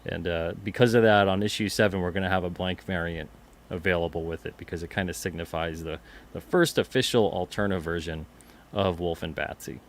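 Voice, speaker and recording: A man co-hosting a casual livestream about comic publishing, chatty and getting animated when he vents. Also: low voice, a little fast. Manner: chatty, gets animated and amused when venting.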